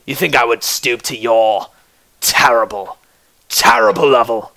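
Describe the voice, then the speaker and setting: A man's voice: medium pitch, big pitch swings, measured pace, vocal fry, bright, forceful tone, pitched below the performer's own voice, heavily acted, low-quality recording. A man voicing a huge, scornful male blacksmith with a guttural voice who spits out his insults.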